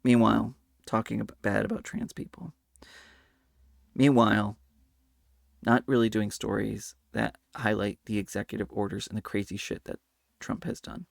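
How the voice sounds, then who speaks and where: A man's voice: fairly low pitch, steady tone, moderate pace, gravelly, no room sound, studio quality. A man hosting a casual political commentary video, talking animatedly and slipping into mocking voices when he quotes people. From Hispanic Latino background. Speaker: commentary channel host.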